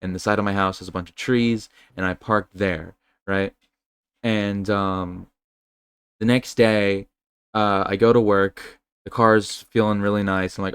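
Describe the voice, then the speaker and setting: Low, smooth-voiced man telling rambling stories. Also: moderate pace, no echo. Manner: rambling, profane, animated storytelling. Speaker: podcast co-host. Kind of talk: casual podcast chat.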